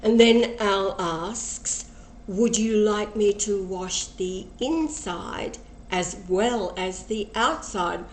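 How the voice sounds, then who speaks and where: A woman slowly retelling a personal experience, acting out the dialogue and getting emotional as she goes. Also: mid-range voice. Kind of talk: personal storytelling. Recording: echoey room with faint ambient noise.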